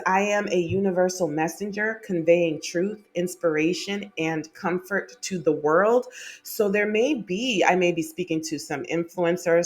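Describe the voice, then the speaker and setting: A woman giving a monthly tarot reading, chatty and enthusiastic, with many fillers and repeated okays. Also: on the low side. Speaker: tarot reader.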